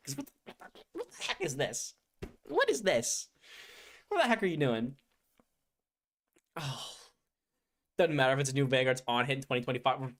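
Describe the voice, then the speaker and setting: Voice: medium pitch, very animated, a little fast, pauses often. A card game content creator ranting casually to viewers, exasperated and sarcastic. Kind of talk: casual ranting playtest chat.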